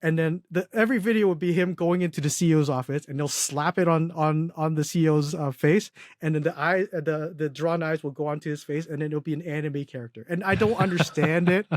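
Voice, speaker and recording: A man's voice: fairly high pitch, a little fast, few pauses, no echo. A young man chats as a podcast guest, his slightly raised voice tumbling through ums, false starts and self-amused asides. The sound is dry and close, with no room around it. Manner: rambling, many fillers and restarts, laughs at own stories. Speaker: podcast guest, agency founder. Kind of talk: casual interview chat.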